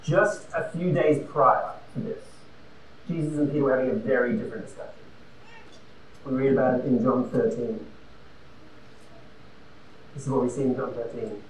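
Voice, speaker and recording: A man preaching a sermon, emphatic and conversational, swinging between loud and quiet. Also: mid-range voice, moderate pace, long pauses, a little hiss or hum. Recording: roomy and distant with faint ambience.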